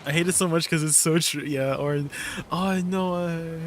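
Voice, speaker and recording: A man's voice: on the high side, fairly even intonation, moderate pace, a little hiss or hum. A man streaming live and chatting casually with his viewers, laid-back and laughing often. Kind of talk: casual livestream chat with viewers.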